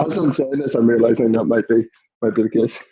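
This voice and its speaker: A man's voice: medium pitch, a little fast, highs cut off, a loud crowd. A Northern Irish man in his thirties, a podcast guest telling chuckling anecdotes in casual chat. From Northern Ireland.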